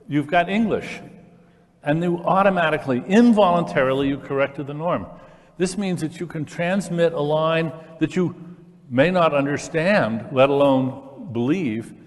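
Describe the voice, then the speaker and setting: Eager man talking in a reverberant hall. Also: fairly high pitch. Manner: enthusiastic, demonstrative, with fillers and restarts. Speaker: public conversation speaker. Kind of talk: lively onstage discussion. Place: large hall, in front of an audience.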